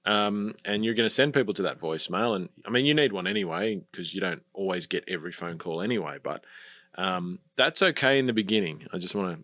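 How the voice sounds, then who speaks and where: Chatty low man, bright tone. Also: brisk, no room sound. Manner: chatty, with many fillers. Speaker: podcast co-host and dropshipping coach. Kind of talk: casual podcast conversation.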